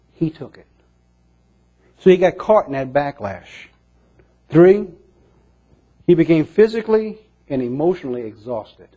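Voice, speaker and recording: Earnest male preacher, mellow and a touch high, emphatic then hushed; dull lo-fi sermon recording. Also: husky.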